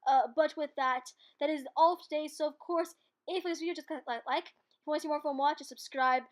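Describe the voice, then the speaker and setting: A woman's voice: sits high, steady tone, a little fast. A woman giving a chatty, self-deprecating, rambling voice-over for her own cooking video, laughing often, recorded at home on a computer microphone. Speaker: cooking vlogger.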